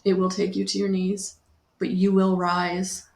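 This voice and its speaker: A woman giving a slow, soothing spiritual guidance talk on a live stream, repeating her phrases and greeting viewers by name. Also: mid-range voice, monotone, vocal fry, darkish tone, reverberant.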